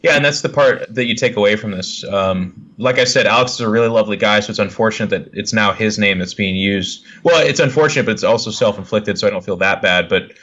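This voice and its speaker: A man's voice: on the low side, fast talker, few pauses, a bit bright, dull audio. A man talking as a podcast guest, blunt and profane, acting out what other people say. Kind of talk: casual podcast chat.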